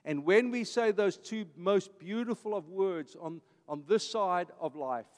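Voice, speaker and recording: A South African man in his fifties with an Afrikaans accent preaches emphatically to his congregation as their pastor, leaning on repeated phrases in a preacherly style. His voice is high and unhurried, and the sound fills a big room.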